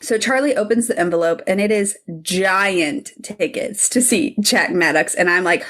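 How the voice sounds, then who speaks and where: A woman's voice: medium pitch, normal speed, fairly bright tone. Woman, podcast co-host; enthusiastic, chatty episode recapper. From United States. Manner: enthusiastic, gushing storyteller. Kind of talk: casual chat recapping a TV episode.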